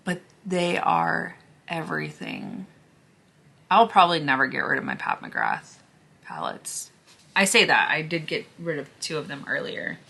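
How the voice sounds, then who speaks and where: Chatty hoarse woman, low bright voice. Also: wildly swooping pitch, unhurried. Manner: chatty, gushing, drops to a hushed near-whisper over swatches. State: hoarse, losing her voice. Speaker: beauty vlogger. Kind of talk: casual makeup declutter chat.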